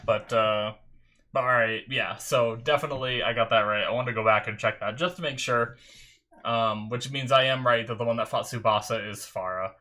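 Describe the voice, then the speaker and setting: A man's voice: mid-range voice, moderate pace, bright, forceful tone. A young man in his bedroom, chatting casually as an anime reaction host and rambling through a story with many restarts. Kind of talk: casual chat. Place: bedroom at home.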